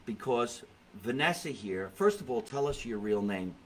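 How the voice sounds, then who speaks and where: A middle-aged man hosting a comedy podcast, telling stories in a jokey, animated way with quoted voices. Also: mid-range voice, moderate pace, poor audio. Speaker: podcast host. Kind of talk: comedic casual chat. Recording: faint background noise.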